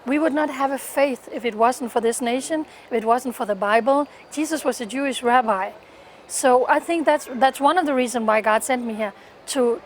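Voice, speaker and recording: High-voiced fervent woman. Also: slight background noise. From Denmark. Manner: fervent and earnest, with frequent restarts and repeated words. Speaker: interviewee, pro-Israel activist. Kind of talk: personal testimony in an interview.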